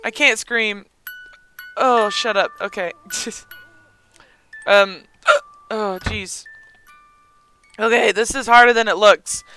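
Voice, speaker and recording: A young man doing excitable gameplay commentary, gasping and talking to the game characters while he has the hiccups. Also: high-pitched, slow, long pauses, clean tone, soft background music. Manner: excitable, gasps and yelps, talks to game characters. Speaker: let's play gamer.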